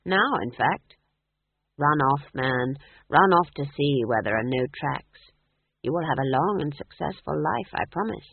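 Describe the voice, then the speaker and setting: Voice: mid-range voice, lively intonation, creaky, slightly rough, no echo, narrow, tinny audio, heavily acted. A narrator voicing a stern, unflappable old witch who speaks levelly and dryly, in an audiobook. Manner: level, dry, unhurried.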